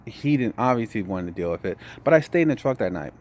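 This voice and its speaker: A man's voice: on the low side, quick pace. Tired young man telling a trucking story. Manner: relaxed storytelling, says "man" a lot. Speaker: trucking vlogger. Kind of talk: casual vlog update.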